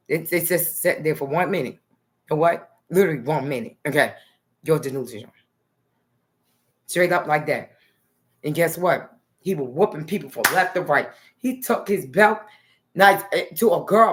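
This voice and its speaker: A woman's voice: low-pitched, normal speed. Rambling woman vlogger from New Jersey. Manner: loose, repetitive, punctuated by "okay" and "nice". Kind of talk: rambling personal monologue.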